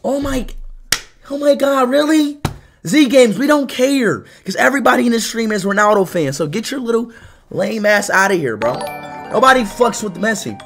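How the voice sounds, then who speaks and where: High gravelly shouting young streamer man. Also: normal speed, soft background music. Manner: loud, excitable, often shouting at chat. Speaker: livestreamer. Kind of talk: hyped livestream chat.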